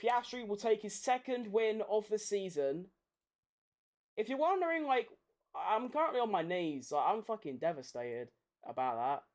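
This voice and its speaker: A woman commentating a race watchalong live, sweary and excitable. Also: medium pitch, normal speed. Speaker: streamer hosting a race watchalong.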